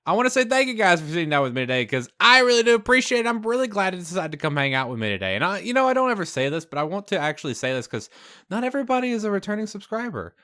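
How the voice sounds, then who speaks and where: In this casual gameplay commentary, a young man with a mostly concealed Southern US accent chats and thinks aloud while playing. His voice sits high and sharp, with big pitch swings and a rapid-fire delivery. He keeps it upbeat, with plenty of fillers and laughs.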